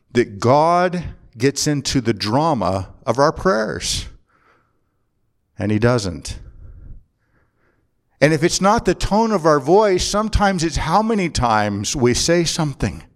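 A man preaching a sermon as a pastor, earnest and deliberate, slowing down and pausing to press his points home. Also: a little high, big pitch swings. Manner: earnest preaching with slow emphatic pauses.

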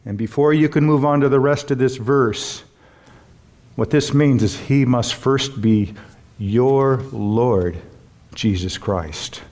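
With a medium-pitched, darkish voice and fairly even intonation, this man preaches as a pastor and Bible teacher. He is earnest and emphatic, asks his congregation questions, and slows down on key words for emphasis.

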